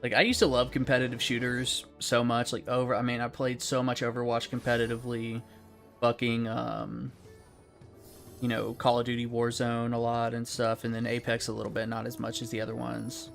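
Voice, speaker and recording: A man's voice: mid-range voice, completely flat delivery, moderate pace, creaky, a bit bright, soft background music. Profane, rambling young man streaming. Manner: rambling, profane, laid-back. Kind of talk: casual gaming stream chat.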